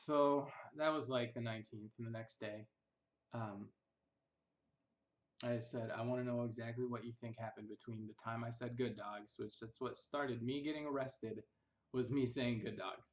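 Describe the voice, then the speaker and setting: A man's voice: medium pitch, fairly even intonation, measured pace. Bitter, rambling young man telling his story. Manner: bitter, rambling, quotes others in mocking voices. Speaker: vlogger recounting family history. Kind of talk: casual personal storytelling.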